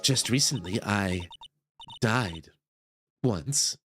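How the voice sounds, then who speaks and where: A man voicing a frail, creepy young woman who speaks slowly and ominously while reading a visual novel aloud. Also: fairly low pitch, animated, music in the background, pitched below the performer's own voice. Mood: eerie. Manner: slow, drawn-out, ominous delivery.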